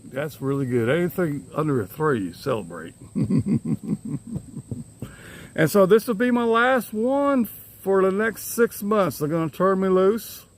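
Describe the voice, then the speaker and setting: Out in his yard with a handheld phone camera, an older man talks casually to viewers. His voice is high, swinging widely in pitch, and he speaks unhurriedly with long pauses, rambling and chuckling often.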